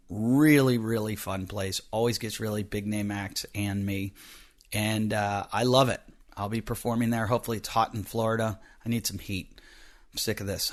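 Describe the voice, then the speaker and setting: Stuffy-nosed rambling comedian host. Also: male voice, on the low side. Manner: rambling, joking, swings from loud to muttered asides. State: stuffy nose, a bit snotty. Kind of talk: casual podcast monologue.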